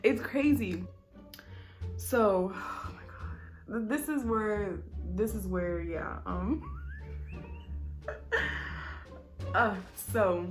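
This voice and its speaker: A young woman vlogger telling a story in a casual, animated way, swearing freely and breaking into quick asides and laughs. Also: medium pitch, faint music behind.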